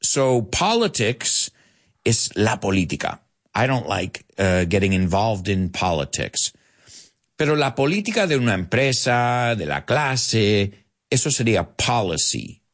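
Lively, animated male English teacher. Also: lowish voice, measured pace. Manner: animated, laughing, switching between English and Spanish to explain. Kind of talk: live lesson reading viewer comments.

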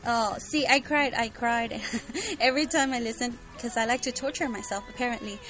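A woman's voice: on the high side, normal speed, a bit bright, faint music behind, poor audio. A bubbly, giggly woman co-hosting a podcast, chatting casually about a book series and reading out listener comments. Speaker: podcast co-host.

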